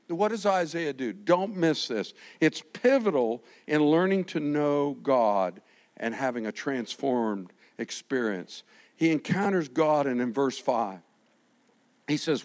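Animated man preaching with big swings. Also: medium pitch, a little slow. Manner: animated, swings from shouting to soft, acts out quotes. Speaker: pastor. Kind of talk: sermon.

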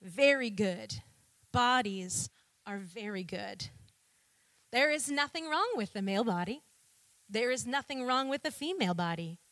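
A woman delivers a sermon in a high, bright voice that rises and falls with lively, animated energy. She takes her time and leans on rhetorical questions and call-and-response with the congregation. The sound is close and dry. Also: dry recording. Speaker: preacher.

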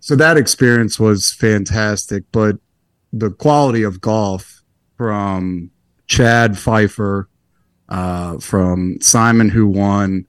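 A young man with a low voice talks as a guest in a casual interview. He rambles easily and pokes fun at himself. The recording is close and dry, with no room echo. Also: takes it slowly, clean tone. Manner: relaxed, rambling, self-deprecating. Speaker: guest golfer.

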